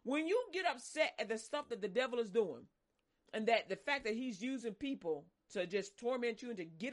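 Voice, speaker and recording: A woman preaching a sermon, animated and dramatic, acting out voices and swinging between loud and soft. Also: on the high side, brisk.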